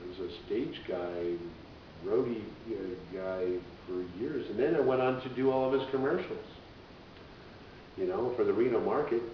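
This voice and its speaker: Rambling deep-voiced radio DJ man. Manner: rambling, acts out voices in quotes. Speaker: radio DJ and musician, interview guest. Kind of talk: casual conversational storytelling. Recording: echoey, dull, distant with low rumble.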